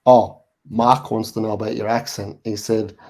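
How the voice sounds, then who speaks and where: A man's voice: on the low side, little pitch movement, normal speed, warm tone. An Australian man hosting a live chat show, rambling through stories with repeated words and laughter. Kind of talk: casual live chat, storytelling.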